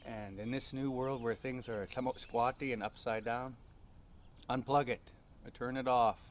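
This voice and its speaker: A man's voice: medium pitch, steady tone, a little slow. Male vlogger, earnest, rambling personal storyteller, outdoor feel with faint background noise. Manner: earnest, rambling, many fillers.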